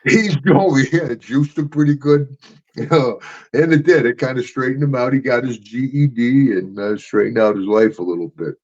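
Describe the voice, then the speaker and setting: This retired wrestler and podcast co-host from Louisiana has a medium-pitched, darkish voice and a moderate pace. In a casual chat he tells boisterous stories, laughing frequently and mimicking the people in them, all over dull, lo-fi sound.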